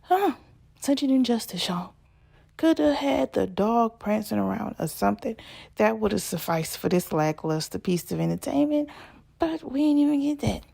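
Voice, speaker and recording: A woman's voice: on the high side, animated, moderate pace, gravelly, warm tone, slightly rough. A woman ranting casually and profanely, firing off exasperated rhetorical questions.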